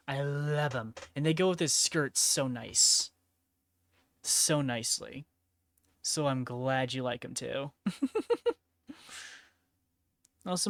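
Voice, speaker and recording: A woman streaming in casual chat while painting miniatures, laid-back, laughing often and swearing freely. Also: a bass voice. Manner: laid-back, giggly and profane.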